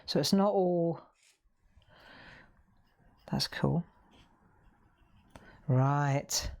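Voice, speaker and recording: A woman's voice: fairly low pitch, expressive, unhurried, long pauses, a little mellow. A woman hosting a live colouring tutorial from her craft room, chatty and demonstrative, talking into a lapel mic. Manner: chatty, demonstrative, laughs at herself. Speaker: crafting livestream host.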